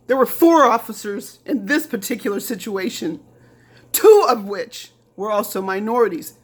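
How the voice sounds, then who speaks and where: A middle-aged woman from Indiana delivering a heated, profane rant straight to the camera, repeating lines and mocking others in quoted voices. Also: sits high. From Lafayette, Indiana. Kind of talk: angry direct-to-camera rant.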